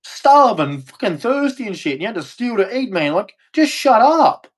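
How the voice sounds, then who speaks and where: A high-voiced Australian streamer goes on an angry, profane rant, swinging widely in pitch at a moderate pace. He repeats himself as he fumes.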